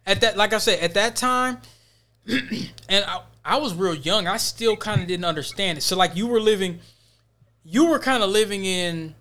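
A young man with a high, bright, ringing voice tells a story in casual podcast talk. He throws himself into the tale and acts out other people's lines as he goes. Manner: animated storyteller, acts out quotes with laughter. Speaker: podcast co-host.

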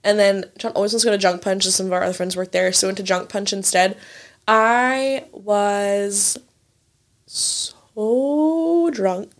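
A woman's voice: medium pitch, unhurried. Chatty young woman telling stories. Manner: chatty storyteller, lots of "like", swears freely. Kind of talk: casual chat.

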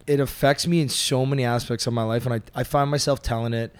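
Animated podcast host, dry close sound. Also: male voice, mid-range voice, fast, clean tone, no room sound. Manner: animated storyteller, swears casually. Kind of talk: casual chat.

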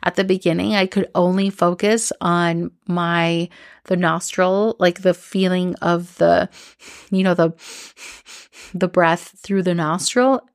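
A woman's voice: on the low side, steady tone, takes it slowly, no echo, clean studio sound. A young woman hosting a podcast, telling a personal story in a candid, rambling way with lots of "like" and restarts. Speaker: podcast host.

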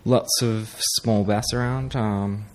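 A man's voice: lowish voice, fairly even intonation, slow, darkish tone. A man telling a long fishing story in casual chat, laid-back and laughing through it. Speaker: guest angler.

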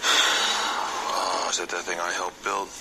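A dazed surfer-dude scientist. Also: male voice, deep voice, level tone, creaky, very noisy, full character voice. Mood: spaced-out. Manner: slow, spaced-out surfer drawl. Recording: TV clip under loud music.

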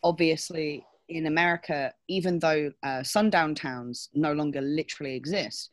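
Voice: medium pitch, normal speed, no room sound. A podcast co-host, rambling through casual discussion with many fillers and restarts.

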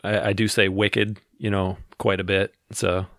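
An easygoing co-host from Massachusetts explains things with a laugh. His voice sits fairly low, and the sound is close and dry. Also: level tone, measured pace, fairly bright tone, dry recording. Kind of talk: casual chat.

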